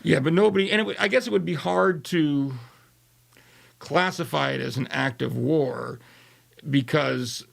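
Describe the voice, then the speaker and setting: Gravelly male host, halting and conversational. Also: a little high. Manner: hesitant, restarts, thinks aloud. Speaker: talk show host. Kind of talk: casual panel discussion.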